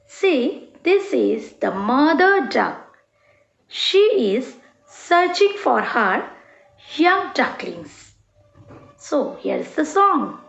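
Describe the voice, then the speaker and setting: A woman teacher with an Indian English accent sings a children's song in a very high, sing-song voice. She takes it slowly, as for small children. The sound is echoey and a little dull. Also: creaky. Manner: sing-song, slow and cheerful for young children. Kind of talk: singing a children's action song.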